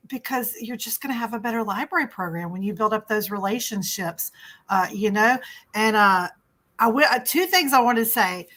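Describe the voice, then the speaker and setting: A middle-aged woman hosting a webinar, chatty and animated, often restarting her sentences. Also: medium pitch. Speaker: librarian and webinar host.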